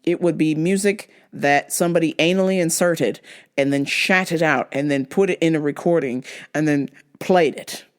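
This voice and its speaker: A young woman hosting a podcast, ranting casually with lots of profanity and mocking voices. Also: lowish voice. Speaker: podcast host. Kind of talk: casual rant monologue.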